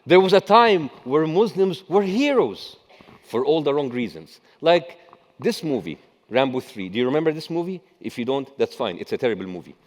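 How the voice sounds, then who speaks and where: A man's voice: on the high side, sing-song, normal speed. A middle-aged man with an Egyptian accent giving a satirical conference talk, full of sarcastic, mocking asides. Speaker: conference speaker. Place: large conference hall. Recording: long hall reverb.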